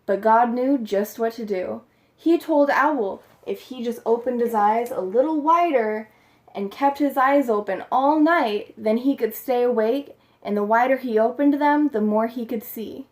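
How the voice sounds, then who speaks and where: A woman's voice: fairly high pitch, measured pace, darkish tone. A woman telling a folktale in a plain, homespun way for a storytelling class. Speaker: student storyteller.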